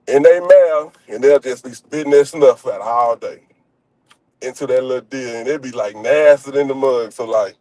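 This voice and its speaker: Man, casual storytelling, slangy and filler-heavy, high voice, dry recording. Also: a little mellow, no echo, poor audio. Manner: loose and joking, heavy slang, frequent fillers. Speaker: streamer.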